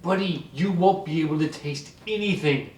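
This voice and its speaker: A man's voice: on the high side, moderate pace, a little mellow, a little hiss or hum, lightly acted. A man playing a hot-tempered therapy patient who insults the others, sarcastic and snarling, in a stage comedy. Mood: irritated. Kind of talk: community theater comedy. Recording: echoey stage from far off.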